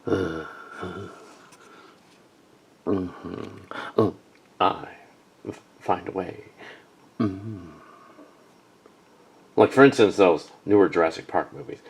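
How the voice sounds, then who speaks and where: Deep, gravelly man muttering deadpan. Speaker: fan-film voice actor. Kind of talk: improvised fan-film voice acting.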